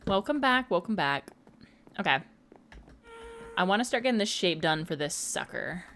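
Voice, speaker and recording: A woman's voice: mid-range voice, expressive, normal speed, a bit bright, a little hiss or hum. A woman in her mid-twenties chatting casually and teasing her viewers during a late-night gaming livestream. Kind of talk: casual chat while gaming.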